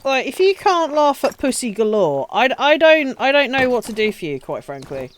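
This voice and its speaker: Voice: sits high, sing-song, moderate pace, hardly any pauses, a little hiss or hum. A streamer giving casual, crude, joking game commentary and laughing often, recorded on a desk mic. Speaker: live streamer. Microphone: desk mic, voice only.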